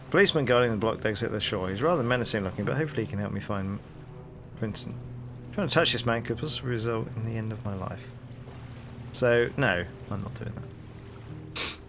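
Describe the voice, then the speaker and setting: A man's voice: lowish voice, background noise. A male streamer reading game text aloud as he plays, with dry, wry asides. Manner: dry wry asides between read lines.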